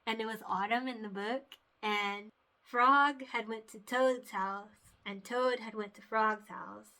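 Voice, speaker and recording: A woman's voice: fairly high pitch, fairly even intonation, takes it slowly, bright, forceful tone. A woman who writes picture books, chatting casually in a vlog, giggly and openly emotional. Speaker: picture book author.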